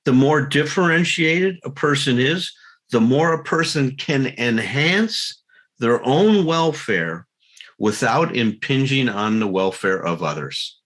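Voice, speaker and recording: A man's voice: medium pitch, lively intonation, takes it slowly, fairly bright tone. A man giving a talk to a recovery group, earnest, laughing at himself now and then and acting out little quarrels. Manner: earnest, acts out quarrels in quoted voices.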